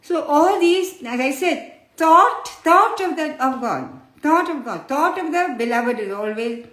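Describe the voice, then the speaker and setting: A woman's voice: sits high, animated, a little slow, a bit bright. A woman giving a spiritual discourse who explains patiently and tells stories, addressing her listeners fondly as children. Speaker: spiritual teacher. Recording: roomy echo.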